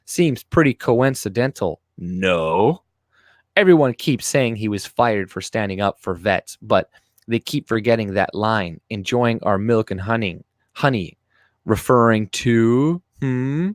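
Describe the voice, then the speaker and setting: A young man with a lowish voice, his first language French, talks straight into a close mic in a dry, dead room. He rants to his livestream chat, swearing freely and mocking in a sarcastic tone. The delivery is loose and off the cuff. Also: lively intonation, slow pace, dry recording. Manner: profane, ranting, sarcastic. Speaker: livestream host. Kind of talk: casual livestream chat, reading comments aloud.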